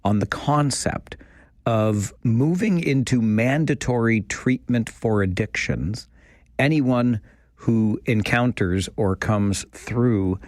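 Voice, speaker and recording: A man's voice: mid-range voice, slow, no room sound. A man hosting a call-in radio show, taking callers with dry, sarcastic banter. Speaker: radio talk show host. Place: radio studio.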